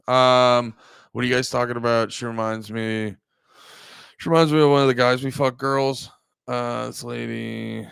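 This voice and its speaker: A young man, hosting a livestream and rambling through loud, profane casual commentary. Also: medium pitch, gravelly, clean tone, no room sound. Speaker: livestream host.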